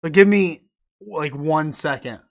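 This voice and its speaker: A man's voice: a little high, a little slow. A man from upstate New York hosting a live podcast interview, joking loosely and cursing now and then. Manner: joking, loose, swears casually. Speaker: podcast host. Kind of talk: casual live interview chat.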